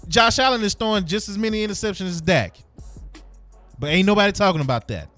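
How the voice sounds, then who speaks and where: A man's voice: high voice, expressive, quick pace, fairly bright tone, faint music behind. A man hosting a sports podcast, ranting heatedly in casual slang. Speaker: podcast host.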